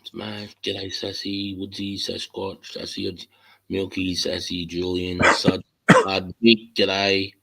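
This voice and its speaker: A man's voice: low-pitched, monotone, slow pace, gravelly, pushed and bright. A man hosting a live stream, chatting casually and swearing, greeting viewers by name.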